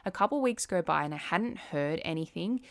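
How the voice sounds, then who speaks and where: A young woman vlogger talking casually to the camera, chatty and quick to act out little quoted asides. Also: on the low side, expressive. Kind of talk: casual chat.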